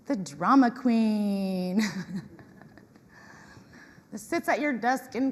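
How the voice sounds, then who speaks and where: Animated woman speaking in a hall. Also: a little high, takes it slowly, pauses often. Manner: animated, acts out tenants in quoted voices. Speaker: conference speaker on property management. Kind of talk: lively talk to an audience. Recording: reverberant hall.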